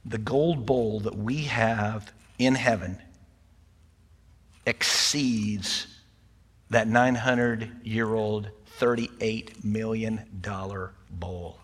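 An older pastor delivers a sermon with a fairly low, steady, slightly rough voice, speaking extremely slowly. His style is folksy and chatty with touches of light humor, and the sanctuary's long hall reverb fills the recording.

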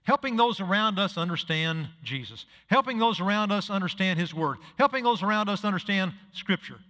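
A man's voice: high voice, lively intonation, a little fast, pushed and bright, big-room sound. A male pastor preaching a sermon, telling stories and acting out the dialogue, building to emphatic peaks. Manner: storytelling, acts out dialogue, rises to emphatic peaks.

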